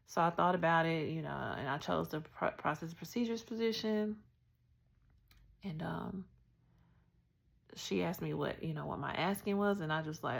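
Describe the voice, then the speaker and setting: A woman with a low, gravelly voice tells her own story in an open, animated way. She slips into the people she quotes as she goes. It feels like relaxed personal storytelling. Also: moderate pace. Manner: candid, animated retelling with acted quotes. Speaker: podcast host.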